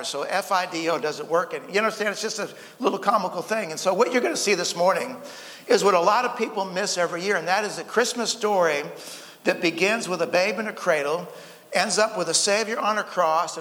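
High-voiced pastor in a reverberant hall. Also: male voice, fairly bright tone. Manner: folksy, repeats words, tells light jokes. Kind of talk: sermon. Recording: long reverb of a church hall.

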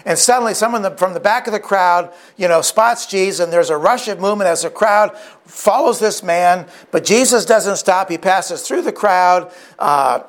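A man preaching a sermon, retelling a story vividly with frequent restarts and asides. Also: high voice.

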